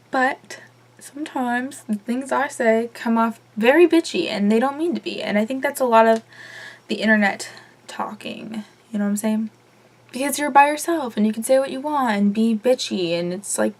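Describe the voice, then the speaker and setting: A young woman vlogging a casual TV episode review, chatty and opinionated with lots of fillers. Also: on the high side. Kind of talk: casual chat.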